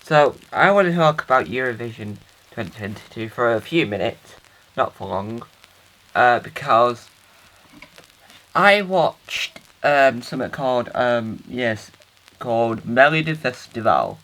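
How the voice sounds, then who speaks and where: A man's voice: mid-range voice, expressive, measured pace, a bit bright, low-quality recording. A man playing an earnest, rambling dad who records a hesitant, self-interrupting video diary for his kids. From United Kingdom. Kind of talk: comic character monologue.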